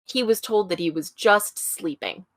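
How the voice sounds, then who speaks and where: A woman's voice: medium pitch, a little slow, no room sound, clean studio sound. A woman co-hosting a true-crime podcast, telling the story casually with wry asides. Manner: chatty, wry asides with frequent laughs. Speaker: podcast co-host.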